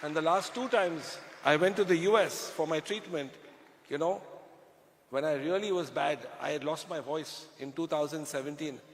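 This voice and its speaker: A man's voice: a little high, moderate pace, slight background noise. A man with an Indian English accent giving a chatty, joking motivational business talk to a live crowd. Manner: chatty, jokey, addresses the crowd. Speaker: business speaker. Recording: hall reverb.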